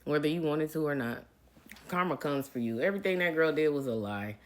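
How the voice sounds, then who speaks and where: A middle-aged woman, a reality TV personality, chats casually on a livestream in a deep, lively voice at a fairly quick pace. She reads out viewer comments and answers them chattily, calling everyone y'all.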